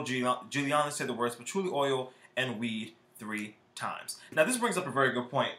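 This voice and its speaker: A man's voice: mid-range voice, lively intonation, moderate pace, sharp tone, roomy sound. A man co-hosting a gossip podcast, talking in a playful, teasing way and laughing often. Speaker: podcast co-host. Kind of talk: casual gossip chat. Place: studio.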